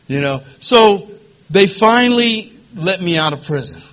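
A middle-aged man from the Philadelphia area with a quivering voice, giving emotional personal testimony at a support group meeting, halting and repeating phrases. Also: high-pitched, lively intonation, fairly bright tone. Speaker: recovery meeting speaker.

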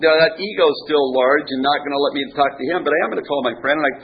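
Brief: self-deprecating man speaking at a recovery meeting, slightly high voice, dull recording. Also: rapid-fire, slightly rough. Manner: rambling, self-mocking, restarts, chuckles. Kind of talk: personal recovery story. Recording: muffled, faint hiss.

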